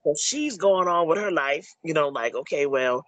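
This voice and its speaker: Man, filmmaker on a podcast. Husky, fairly high voice, rambling delivery. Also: expressive, moderate pace, fairly bright tone, no room sound, low-quality recording. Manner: rambling, full of "you know" and restarts. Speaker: filmmaker discussing his movie. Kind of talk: casual chat.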